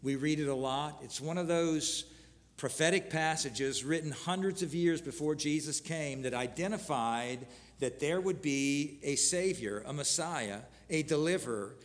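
A man preaching a sermon, earnestly reading scripture aloud with pauses and restarts. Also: on the high side, big-room sound. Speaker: pastor.

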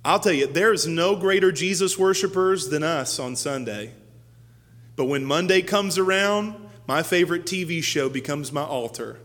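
A high-pitched male pastor preaches with dramatic swings, building loud and high, then falling to a soft, low hush. He voices the people in the story as he goes. His voice rings out with a long reverb, as in a large sanctuary. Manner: dynamic preaching, voice rising to peaks then dropping low and quiet; acts out quoted speech. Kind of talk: sermon.

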